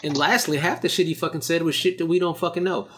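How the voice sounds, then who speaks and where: A man with a fairly high, husky voice, talking bluntly on a casual group call from home. He is dismissive and swears in nearly every sentence. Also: fairly even intonation, fast. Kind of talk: casual profane group chat.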